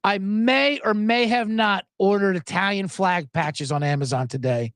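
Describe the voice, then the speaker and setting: A man's voice: sits high, normal speed, fairly bright tone, smooth, no echo. A man hosting a sports podcast, ranting with profanity, chuckling asides and plenty of energy. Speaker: podcast host. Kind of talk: profane sports commentary rant.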